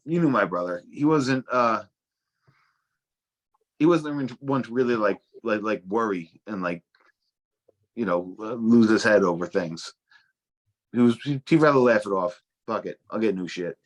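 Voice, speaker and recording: A young adult man telling casual stories as a guest, swearing freely and stumbling through restarts. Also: lowish voice. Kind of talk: casual storytelling.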